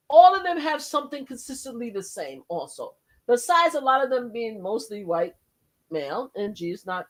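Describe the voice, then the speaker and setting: A woman who is a grandmother, hosting her own channel and chatting casually, animated and laughing often, swinging between exclamations and low asides. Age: older. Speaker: host. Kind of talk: casual chat.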